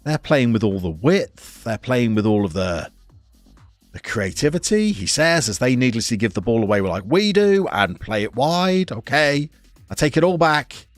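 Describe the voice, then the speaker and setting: A man from the English Midlands with a soft Birmingham accent, chatting casually and wryly to his chat while playing a football management game. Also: mid-range voice, sing-song, normal speed, no room sound, faint music behind. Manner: wry, self-mocking chatter to chat. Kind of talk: casual live-stream commentary.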